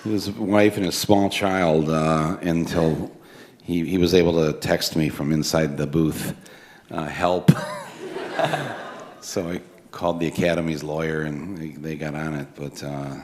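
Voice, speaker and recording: A man moderating a panel, talking casually with lots of halting fillers. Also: extremely low pitch, steady tone, a little mellow, slight background noise.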